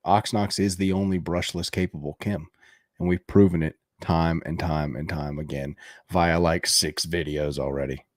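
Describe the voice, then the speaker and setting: A man's voice: sits low, fairly even intonation, moderate pace, no room sound, clean studio sound. A man hosting a casual livestream, reacting to viewer videos in a brash, coaching way, swearing casually and laughing often.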